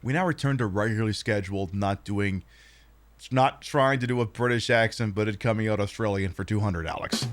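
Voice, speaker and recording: A man's voice: lowish voice, fairly quick, faint music behind. A man playing a quiz game and commenting casually, joking and swearing, rambling through his guesses. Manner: profane, joking, rambling asides. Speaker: game streamer.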